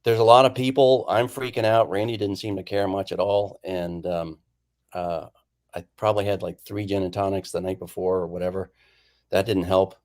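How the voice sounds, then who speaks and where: A man's voice: low-pitched, moderate pace. A man, a painter and guest, casually telling an anecdote and acting out what people said. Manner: animated storyteller who acts out quoted lines. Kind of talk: casual storytelling chat.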